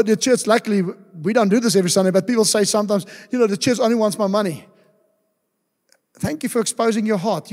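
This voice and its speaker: A man's voice: sits high, a little mellow. A man preaching a sermon as pastor, emphatic, asking rhetorical questions and repeating key words. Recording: long church-hall reverb.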